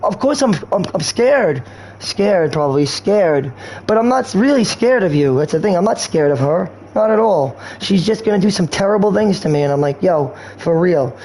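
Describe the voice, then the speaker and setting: A man's voice: high voice, lively intonation, moderate pace, darkish tone, a little hiss or hum. A man streaming a game, talking in a slangy, rambling and erratic way. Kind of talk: rambling casual stream talk.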